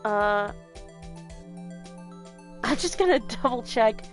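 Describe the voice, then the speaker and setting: A woman's voice: on the high side, expressive, very slow. A woman streaming a game, reacting with profane, mocking comments. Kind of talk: let's-play commentary. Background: game music.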